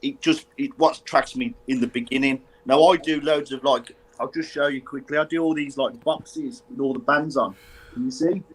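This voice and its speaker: A man speaks as a guest cigar reviewer in a relaxed chat, repeating words as he works out his point. His voice sits at an ordinary middle pitch. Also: moderate pace, husky, low-quality recording. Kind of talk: casual podcast chat.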